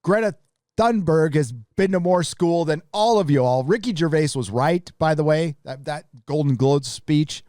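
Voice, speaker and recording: A man hosting a live stream, ranting bluntly and profanely in a casual, halting way. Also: fairly high pitch, a little mellow, no room sound, studio quality. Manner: casual, with restarts.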